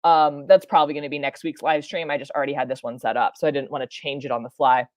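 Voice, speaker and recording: A woman's voice: low-pitched, steady tone, fast talker, a little mellow, no room sound. A woman chatting through a live-stream reaction, rambling with lots of fillers, restarts and laughs. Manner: rambling, many fillers and self-interruptions. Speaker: science streamer.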